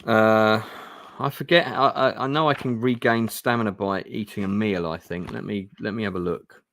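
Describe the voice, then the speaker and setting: A man's voice: on the low side, steady tone, normal speed, gravelly, a bit bright, no room sound. A man reading through a fantasy gamebook and chatting casually as he plays. He hesitates often and swears now and then. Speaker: gamebook player and streamer. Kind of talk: casual play-through narration.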